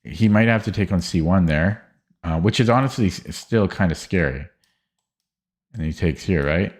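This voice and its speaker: Low-voiced male streamer, hesitant self-talk over chess puzzles, lots of ums and restarts. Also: normal speed. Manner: hesitant, muttering, many fillers and restarts. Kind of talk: thinking aloud while solving chess puzzles.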